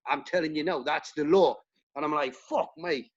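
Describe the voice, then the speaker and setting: A punk band frontman from the United Kingdom speaks at a moderate pace with a fairly high voice, recounting blunt, heavily profane stories in a casual interview and acting out the quotes. The audio has its highs cut off.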